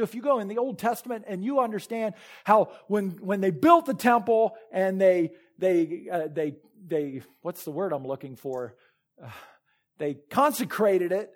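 A man's voice: high-pitched, normal speed. A man preaching a sermon as pastor, reading scripture and retelling Bible stories with earnest emphasis.

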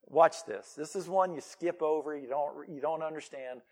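A male pastor preaching with a high-pitched voice. He is animated and emphatic, breaking off into casual asides to his listeners. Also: moderate pace. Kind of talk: sermon.

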